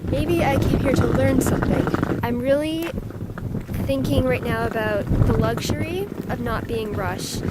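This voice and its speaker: A young woman talking to her camera while walking around outdoors, chatty and self-mocking, stumbling over her words when flustered. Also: a little high. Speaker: travel vlogger. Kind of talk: casual travel vlog. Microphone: handheld camera mic. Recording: wind-buffeted handheld camera audio. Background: loud wind on the mic.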